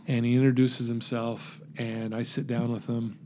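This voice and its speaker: A man's voice: medium pitch, flat delivery, normal speed, a little mellow, slight background noise. A man, a podcast guest, telling a personal story in earnest, acting out the dialogue he recounts. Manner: earnest, emotional.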